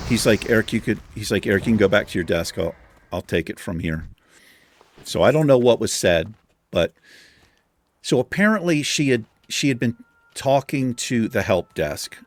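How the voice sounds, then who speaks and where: A man hosting a gaming channel, telling a long anecdote casually with a lot of swearing. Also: mid-range voice. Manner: profane, exasperated anecdote telling. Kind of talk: casual storytelling over gameplay.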